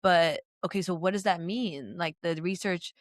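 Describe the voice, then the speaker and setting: A woman's voice: fairly low pitch, moderate pace, dry recording, studio quality. A woman co-hosting a podcast, asking pointed questions and pressing for plain answers. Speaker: podcast co-host. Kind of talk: casual podcast discussion.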